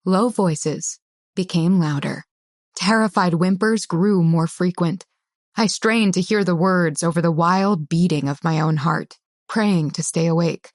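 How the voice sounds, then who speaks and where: Brief: woman narrator, lowish voice, tense and measured, dry studio read. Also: dry recording. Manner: tense, measured first-person storytelling. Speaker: audiobook narrator. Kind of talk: scripted audiobook narration.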